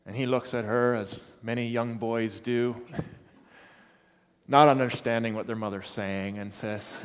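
A man preaching in a church, telling a story with measured, dramatic pauses. His mid-pitched voice carries a long reverb that hangs in the room. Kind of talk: sermon storytelling.

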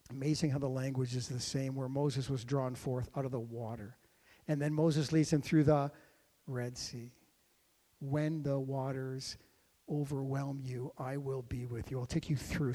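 A man preaching a sermon as pastor, dropping to a hush and then rising to loud, ringing exclamations. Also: a little high, long reverb tail. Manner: dynamic preaching, swinging from hushed to shouted.

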